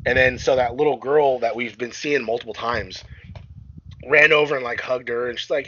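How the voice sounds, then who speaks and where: A man co-hosting a podcast, retelling a movie plot in casual, rambling chat full of fillers and swearing, bouncing his pitch up when he quotes the characters. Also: animated, normal speed, sharp tone, breathy edge, dull audio. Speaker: podcast co-host.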